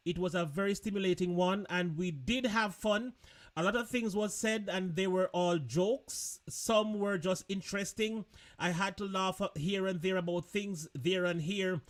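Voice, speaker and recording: Chatty male host of a live online show. Fairly high voice, loose and informal. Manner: chatty, loose, laughing, repeats words. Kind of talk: casual live-stream chat.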